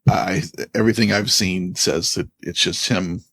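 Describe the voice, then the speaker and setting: A man co-hosting a podcast in casual chat, animated and often stumbling over his words. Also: low voice, a little slow, no room sound. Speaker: podcast co-host. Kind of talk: casual chat about wrestling.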